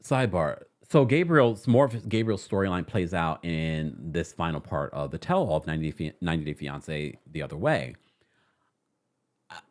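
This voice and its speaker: A young adult man hosting a casual reality TV recap show, sassy and chatty as he reads viewer comments and gives his takes. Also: on the low side. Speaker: host.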